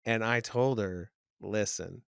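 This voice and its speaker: A middle-aged man co-hosting a podcast in casual chat, telling relaxed anecdotes. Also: on the low side, a little slow, no echo, clean studio sound. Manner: easygoing, anecdotal, breaks into loud mock rants. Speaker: podcast co-host.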